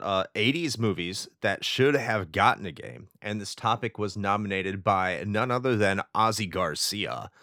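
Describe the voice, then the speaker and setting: A man's voice: on the low side, a bit bright, no echo, studio quality. A man hosting a retro gaming podcast, talking in a playful, wordy, alliterative way. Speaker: podcast host. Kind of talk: casual podcast chat.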